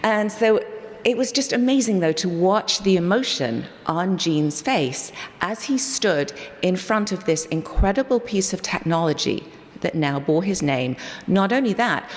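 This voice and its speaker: A woman's voice: fairly low pitch, lively intonation, a little slow. A woman scientist giving a memorial tribute, telling stories animatedly with quoted dialogue. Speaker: project scientist sharing memories. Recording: long hall reverb.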